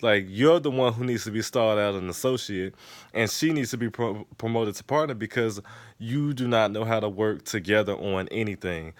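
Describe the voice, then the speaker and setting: A man giving a casual, profane recap of a TV episode, telling it with animated storytelling. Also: fairly low pitch, moderate pace, dry recording. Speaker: TV episode reviewer.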